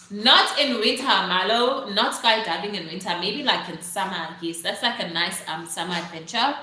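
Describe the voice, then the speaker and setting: A woman's voice: medium pitch, pushed and bright. A young South African woman hosting a casual livestream, chatting loosely and reading out viewer comments, her talk full of "like" and "literally". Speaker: livestream host. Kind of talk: casual live-stream chat. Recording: very echoey room.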